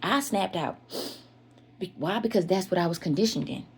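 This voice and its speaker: A woman's voice: on the low side, moderate pace, breathy edge. A woman telling a candid personal story to her viewers in an earnest, confessional way. She repeats herself for emphasis and often speaks to her listeners as "y'all.".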